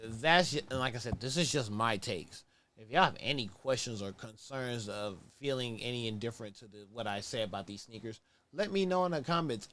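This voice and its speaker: A man's voice: mid-range voice, a bit bright. Laid-back rambling man reviewing sneakers. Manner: laid-back, rambling, self-correcting, tired. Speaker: sneaker show host. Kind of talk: casual sneaker review monologue. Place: at home on camera, moving around.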